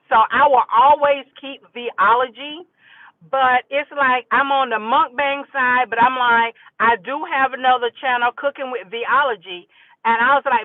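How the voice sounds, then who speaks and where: A woman's voice: high voice, no room sound. A middle-aged woman chatting casually to her viewers outdoors, repeating herself as she talks things over. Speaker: YouTuber. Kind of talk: casual vlog chat. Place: outdoors in sunlight. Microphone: phone camera. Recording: thin phone-like sound, dry.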